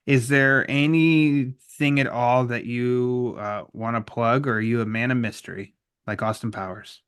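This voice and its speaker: A man's voice: medium pitch, a little slow, clear, resonant tone, no room sound. Laid-back male podcast host, dry mic. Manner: relaxed, rambling, frequent fillers and jokes. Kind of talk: casual podcast chat and outro.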